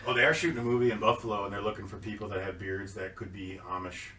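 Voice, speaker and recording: A man with a very deep voice talks rapidly and offhandedly in a casual chat. He sits far from the mic, with faint noise behind. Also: steady tone, pushed and bright.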